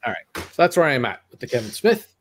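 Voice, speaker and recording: A middle-aged man co-hosts a podcast, chatting casually about movies in a rambling way full of restarts and asides. His medium-pitched voice has a sing-song lilt and a quick pace, with slight background noise.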